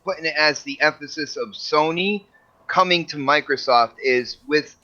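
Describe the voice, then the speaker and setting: A man on a gaming podcast panel who talks in an animated way, stammering and repeating words. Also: fairly high pitch, moderate pace, muffled recording. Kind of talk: casual panel chat.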